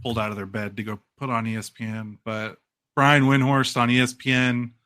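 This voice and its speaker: Rambling podcast host, dry close sound. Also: male voice, medium pitch, little pitch movement, fairly quick, pushed and bright, clear, resonant tone, no echo. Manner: rambling, hedging, filler-heavy. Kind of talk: casual podcast chat. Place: live-streamed remote show.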